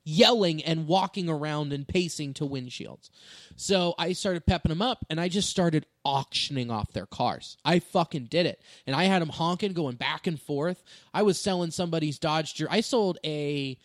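A male comedian telling animated, profane stories in a casual podcast chat on a studio microphone. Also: fairly high pitch, normal speed, no echo. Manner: animated storytelling with swearing. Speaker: stand-up comedian.

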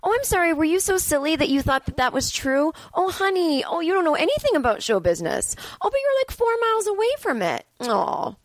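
A syrupy, patronizing handler, as a woman puts her on cooing put-downs in a voice pushed well above her usual pitch. The delivery is sing-song and wide-ranging, sweet on the surface and cutting underneath, recorded dry and close. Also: very animated, drawn-out words, few pauses, no echo, heavily acted. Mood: condescending. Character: condescending imagined female handler, sugary and cutting.

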